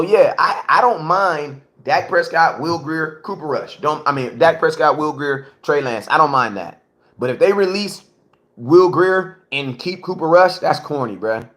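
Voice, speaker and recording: A man hosting a casual live-stream sports talk from his home kitchen, slangy and chatty, repeating himself and slowing his words right down for emphasis. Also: mid-range voice, a bit bright. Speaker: livestream host. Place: home, cooking. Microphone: phone for live stream.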